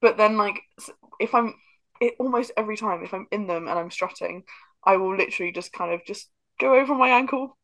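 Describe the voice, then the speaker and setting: A woman's voice: medium pitch, a little fast, a bit bright, low-quality recording. A woman co-hosting a casual Christian chat podcast, laughing easily and telling self-deprecating anecdotes. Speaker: podcast co-host.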